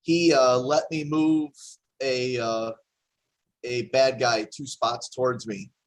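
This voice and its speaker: A man in a casual board game discussion, giving short, joking answers with some halting. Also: medium pitch, fairly even intonation. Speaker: board game group member.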